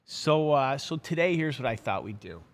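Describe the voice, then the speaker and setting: Broadcasting live from his office, a middle-aged man runs a fishing subscription show and chats casually with viewers, full of fillers and restarts. He has a medium-pitched, sing-song voice and a moderate pace.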